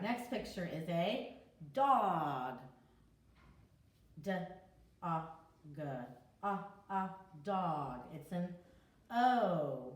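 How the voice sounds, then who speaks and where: Female preschool teacher, unhurried, drawing out each sound; roomy echo, mic at a distance. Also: lowish voice. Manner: slow, sounds out letters and vowel sounds. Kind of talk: remote lesson for young children.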